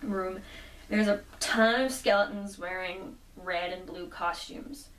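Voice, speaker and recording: A woman's voice: medium pitch, slow, a bit bright, a little hiss or hum. Woman recapping a comic in an echoey room. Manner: retells the story chattily, quoting characters. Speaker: comic book reviewer. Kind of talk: casual plot recap. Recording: roomy echo, mic at a distance.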